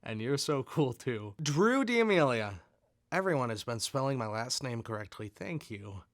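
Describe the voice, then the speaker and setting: Guy reading his fan mail, laid back, jokes about himself, laughs a lot, mid pitch. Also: sing-song, moderate pace, fairly bright tone, no echo, clean studio sound. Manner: easygoing, self-deprecating, laughs often. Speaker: video creator. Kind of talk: reading fan letters aloud and chatting.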